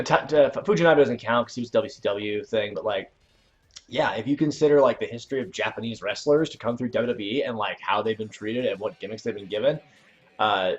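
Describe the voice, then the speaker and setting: A man hosts a relaxed livestream, talking as he plays a video game, rambling, correcting himself, and suddenly yelling at the game. His voice is fairly low and the audio is lo-fi.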